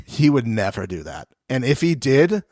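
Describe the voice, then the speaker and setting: A woman co-hosting a podcast who jokes around and acts out quick scenes. Her pitch swings up and down a lot, and the close mic is dry and near. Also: dry recording. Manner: animated, joking, acts out little scenes. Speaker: podcast co-host. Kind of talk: casual chat recapping a reality show.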